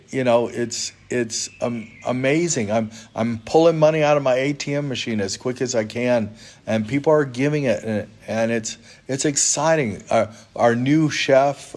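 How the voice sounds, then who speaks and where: Male ministry leader, mid-pitched, informal appeal, halting delivery with frequent restarts, emotional and heartfelt. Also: a little mellow. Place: hotel in Uganda.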